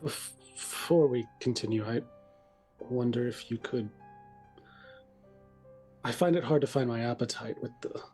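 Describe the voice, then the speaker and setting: A man's voice: mid-range voice, a little slow, pauses often, dark tone, soft background music, close to an everyday voice. Guy doing a formal polite adventurer, careful with his words. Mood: courteous. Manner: formal, courteous.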